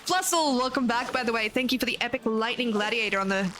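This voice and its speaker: A woman's voice: a little high, fast talker. An Australian woman chatting casually to viewers on a live game stream, swearing freely and thanking viewers as she plays. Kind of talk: casual live-stream chat while gaming.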